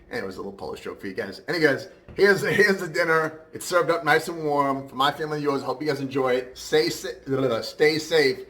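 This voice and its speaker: A man's voice: a little high, lively intonation, brisk, hardly any pauses, fairly bright tone, roomy sound. A man hosting a casual home cooking show, chatting straight to his viewers.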